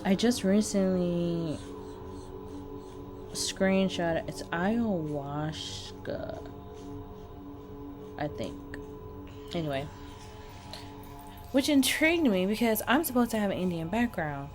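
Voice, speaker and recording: Casting: woman vlogger, animated storyteller with a pitch that swings high and low, chatty to-camera delivery, music playing underneath. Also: slow pace, pauses often. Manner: expressive, chatty, talks to viewers as y'all.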